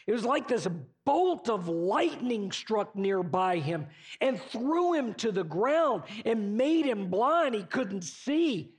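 A man preaching a sermon, retelling a story in a conversational way with casual asides to the listeners. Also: high-pitched.

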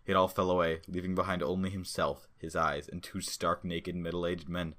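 A man reading fan fiction aloud as co-host, with deadpan narration and laughter at the text. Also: low-pitched, moderate pace. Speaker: story reader and co-host.

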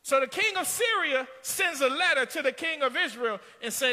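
A high-voiced male preacher with a very bright, piercing tone tells a story from the pulpit and climbs into shouts. His voice rings out with a long hall reverb in a church sanctuary. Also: expressive, normal speed, few pauses. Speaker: pastor. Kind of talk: sermon.

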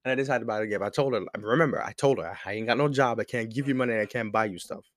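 A man's voice: on the low side, very fast, no room sound, studio quality. A young man hosting a podcast, telling a personal story in a candid, rambling way with slang and frequent restarts. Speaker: podcast host. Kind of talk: casual storytelling monologue. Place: room with a squeaky chair.

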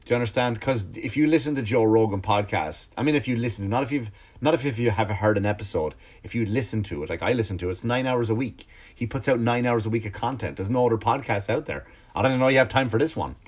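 A comedian rants through a casual podcast monologue at an ordinary pitch, talking quickly. He swears freely and keeps restarting his sentences, staying animated all the way through.

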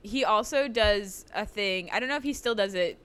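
A woman co-hosting a podcast, chatting casually and telling anecdotes with lively quoted voices. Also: medium pitch, normal speed, clean tone. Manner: animated storyteller, acts out quotes. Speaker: podcast co-host. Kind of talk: casual chat, storytelling.

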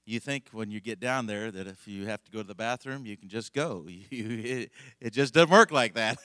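A man's voice: lowish voice, animated, moderate pace, fairly bright tone, no room sound. A middle-aged male pastor telling a rambling, folksy story in a conversational sermon, laughing often.

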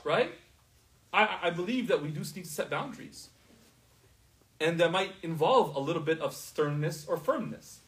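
Man, class teacher, lively pitch, fairly high voice, conversational, checks understanding, distant mic. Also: normal speed. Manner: asks the class often if they understand.

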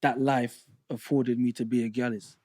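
A man's voice: mid-range voice, moderate pace. A man, telling stories in casual podcast chat and acting out the voices of other people. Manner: animated storytelling, acts out voices of inmates.

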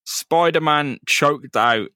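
A man co-hosting a podcast, casually retelling a comic book in an animated, crude, laughing way. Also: on the high side, takes it slowly, smooth, no echo, studio quality. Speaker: podcast co-host.

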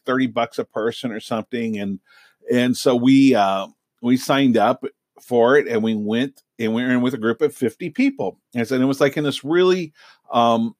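A man's voice: mid-range voice, dry recording. Middle-aged male storyteller, casual and rambling, mid-range voice, dry recording. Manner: rambling, many fillers and restarts. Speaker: hypnotist and podcast host.

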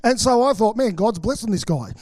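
A man's voice: high voice, expressive, a little fast, mellow, dry recording. A middle-aged Australian man preaching a sermon, chatty and anecdotal, acting out quotes with many fillers. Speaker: pastor. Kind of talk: sermon with personal stories.

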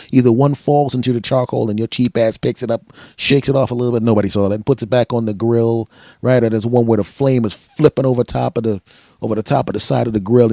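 A man's voice: mid-range voice, mellow, no room sound, studio quality. A man hosting his own podcast, telling a rambling comic story in a profane, sarcastic way. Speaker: podcast host. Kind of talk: comedic solo monologue.

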